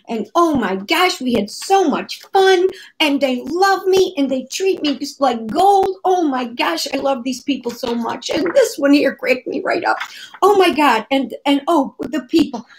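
A woman from the United States, a cookbook author, casually telling a story to the camera in a chatty, exclamatory way. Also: sits high.

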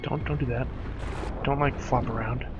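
A man's voice: mid-range voice, steady tone, normal speed, muffled recording, heavy background noise. A young man commentating a video game, nervous and jumpy, swearing often and laughing anxiously. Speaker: gamer. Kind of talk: let's play commentary.

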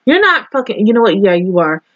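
A woman's voice: mid-range voice, very animated, brisk, no room sound, muffled recording. A woman reacting to an anime episode, emotional and swearing in disbelief as she talks it through.

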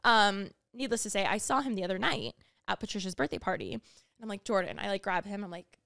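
A woman's voice: fast talker, vocal fry, no echo, studio quality. A young woman co-hosting a podcast, chatting casually and telling stories with lots of acted-out quotes. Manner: animated storyteller, acts out quotes with big pitch jumps. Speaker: podcast co-host. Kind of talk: casual chat.

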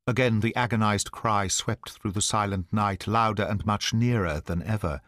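A man narrating an audiobook in a measured, dramatic storytelling manner. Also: on the low side, fairly bright tone, dry recording, studio quality.

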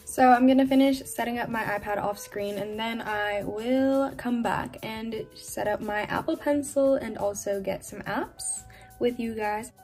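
A young woman chatting casually through an unboxing vlog at home, excitable and self-deprecating. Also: fairly high pitch, a little slow, soft background music. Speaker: vlogger. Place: home workspace.

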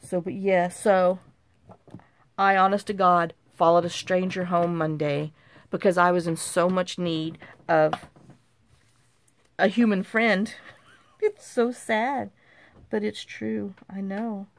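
A woman's voice: fairly low pitch, little pitch movement, slow, long pauses. A woman hosting a crafting video, chatting and telling a rambling story while she works on journal cards. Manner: rambling, repeats "I said" and "you know"; warm, gossipy and easily amused. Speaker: crafting channel host.

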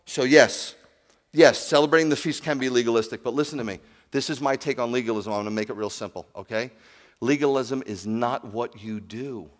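A man preaching a sermon as rabbi, animated, swinging from loud exclamations to quiet asides. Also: mid-range voice, long reverb tail.

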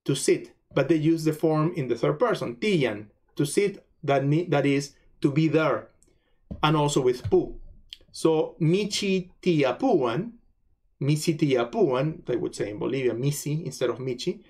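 A man speaking in a slightly high voice gives a recorded language lesson. He says each phrase twice, adds its translation, and stops now and then with fillers to look for the right word. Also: a little mellow. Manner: pauses to search for words, many fillers. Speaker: language lecturer.

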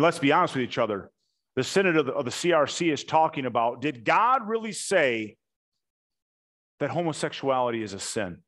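A man preaching a sermon, telling the story with animated emphasis and slowing down hard on key points. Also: mid-range voice. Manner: animated storytelling, acts out quotes, emphatic slow punchlines.

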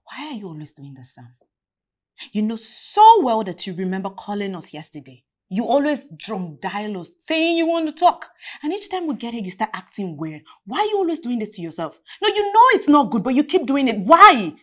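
An actress playing an exasperated best friend with a Nigerian accent, who lectures with tough love. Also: female voice, mid-range voice, sing-song, moderate pace, darkish tone.

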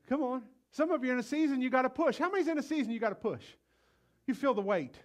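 High-voiced, fired-up male preacher. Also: fairly quick. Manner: energetic, exhorting, calls out "come on"; swings between loud outbursts and low, quiet passages. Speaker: pastor. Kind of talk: live sermon. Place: church service.

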